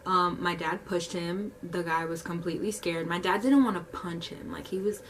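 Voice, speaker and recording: Young woman, low-pitched voice, casual story time, animated, acts out quotes, says "like" a lot, faint background noise. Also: moderate pace, far from the mic. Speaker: vlogger.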